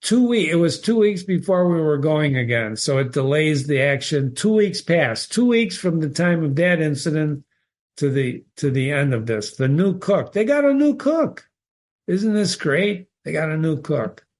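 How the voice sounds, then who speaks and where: A man with a fairly high voice leads a literature lesson, quoting lines from a story and then questioning them aloud. His delivery is animated and searching, full of rhetorical questions to the listener. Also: moderate pace. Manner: animated, questioning, stops to quote the text and ask rhetorical questions. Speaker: literature teacher. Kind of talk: reading and analyzing a short story aloud.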